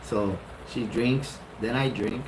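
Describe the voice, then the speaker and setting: A man's voice: medium pitch, slow. A man in his fifties casually tells how he met his wife, acting out his own reactions and swearing a lot. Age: 50s. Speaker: husband telling how the couple met. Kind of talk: casual storytelling. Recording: roomy echo with clear background noise.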